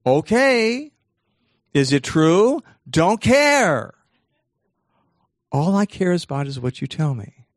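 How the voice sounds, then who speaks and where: A man's voice: fairly high pitch, big pitch swings, slow pace, pauses often, no room sound, studio quality, pitched above the performer's own voice. A man voicing a listener's own brain as a blunt, dismissive figure that only cares what it is told. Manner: blunt, dismissive, matter-of-fact. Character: a person's own brain, talking back.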